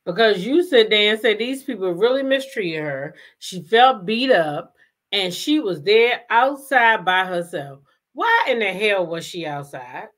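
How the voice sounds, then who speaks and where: A woman's voice: medium pitch, fairly bright tone. A woman hosting a casual commentary show, talking emphatically, repeating her points and firing off rhetorical questions. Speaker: commentary host.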